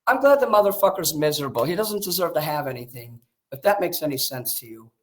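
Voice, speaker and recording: A man's voice: fairly high pitch, lively intonation, quick pace. A man in heated casual conversation, agitated and defensive, swearing often. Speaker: streamer talking with a friend.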